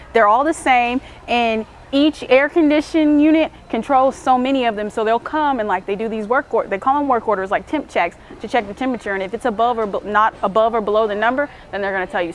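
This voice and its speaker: A woman's voice: on the high side, a little hiss or hum, poor audio. A young woman giving casual college dorm advice, chatty and colloquial, laughing often.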